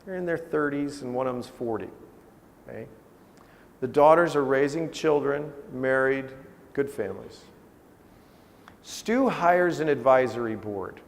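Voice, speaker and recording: A man's voice: mid-range voice, animated, unhurried, gravelly, long pauses. A man, a family business consultant, tells a case story in a conversational lecture style, often checking in with his audience. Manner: conversational, checks in with "okay?" and "right?". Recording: reverberant hall.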